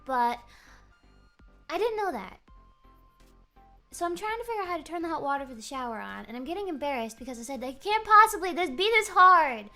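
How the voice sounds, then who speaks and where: Giggly young woman rambling on stream, high voice that jumps all over, soft music behind. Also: fairly quick, pauses often. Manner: animated, giggly, rambling storytelling. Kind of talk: casual chat. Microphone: streaming microphone.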